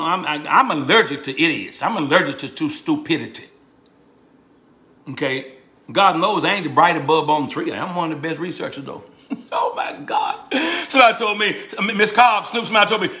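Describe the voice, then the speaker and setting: Bright-voiced older pastor teaching. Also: male voice, high-pitched. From Southern United States. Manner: folksy, repeats words, laughs with the congregation; rises into emphatic preaching, then drops to asides. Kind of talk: Bible study teaching.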